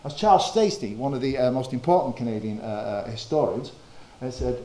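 Northern guy giving a history talk, mellow voice, kinda roomy hall sound. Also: mid-range voice. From northern England. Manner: measured, with frequent uh fillers and quoted passages. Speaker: history lecturer. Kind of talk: lecture presentation.

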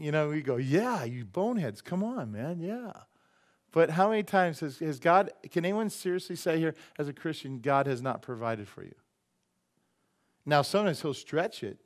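A man preaching a sermon in a church, animated and joking, acting out quick voices for the people he talks about. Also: on the high side. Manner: animated, acts out voices and jokes with the congregation. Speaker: pastor.

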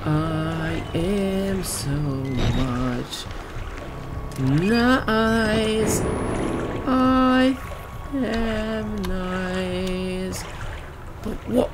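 A man giving let's play commentary on a horror game as a gaming YouTuber. He yells in fright at the game and cracks goofy jokes. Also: high-pitched, drawn-out words, long pauses, heavy background noise.

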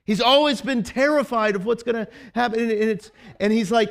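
A man's voice: very high-pitched, brisk, gravelly, fairly bright tone. A male pastor preaching a casual, conversational sermon in a church, rambling with restarts.

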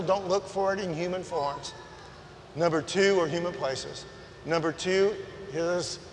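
A man preaching a sermon as a guest preacher, passionate and swinging from soft, slow lines to loud, shouted ones. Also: a little high, a little hiss or hum. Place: large church sanctuary. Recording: echoey church hall.

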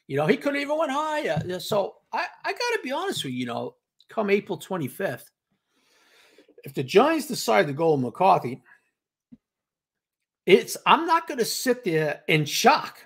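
A man's voice: high voice, huge pitch swings, unhurried, creaky, pauses often, a bit bright, slightly rough. A man co-hosting a casual sports talk show, emphatic and repetitive, acting out the reactions of others. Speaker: podcast co-host.

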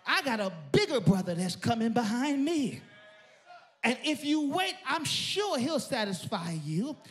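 A preacher voicing the anxious middle male billy goat who begs not to be eaten, in a high voice. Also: sing-song, measured pace, heavily acted. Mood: begging. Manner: begging, anxious.

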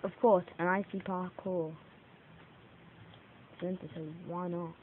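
A woman giving live commentary on her own gameplay, excitable, laughing and mocking herself. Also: fairly low pitch, takes it slowly. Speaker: gaming video maker. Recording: tinny lo-fi mic with faint hiss.

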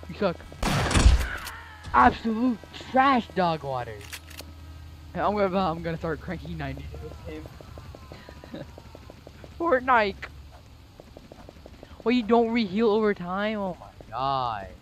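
Excitable gamer doing casual play-by-play commentary; animated pitch and lots of yelping, over a noisy hiss. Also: unhurried. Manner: excitable trash talk, yelps and gasps. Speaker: gamer playing online.

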